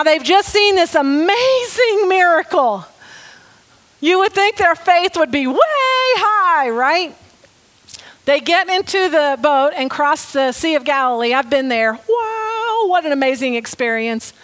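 A woman with a high-sitting voice preaches a sermon, telling a story with lively, animated delivery and acting out the quoted lines.

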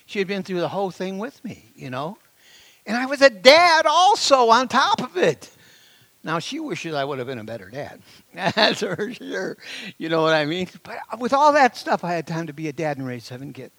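A middle-aged man preaching a sermon as pastor, exclaiming and laughing, swinging between loud declarations and hushed asides. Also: fairly high pitch, sing-song, fairly quick, no echo.

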